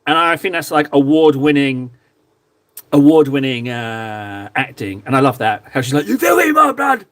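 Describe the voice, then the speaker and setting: A man casually chatting to his stream viewers while painting models, joking around and sometimes mock-shouting at them. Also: mid-range voice, fairly even intonation, moderate pace. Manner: playful, jokey, mock-shouts insults at viewers. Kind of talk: casual live-stream chat.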